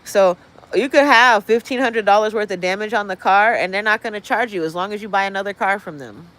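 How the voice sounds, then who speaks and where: A woman's mid-range, slightly bright voice moves at a brisk clip as she hosts a livestream. Indoors in an apartment building, she rambles through a casual rant full of blunt profanity, captured on poor audio.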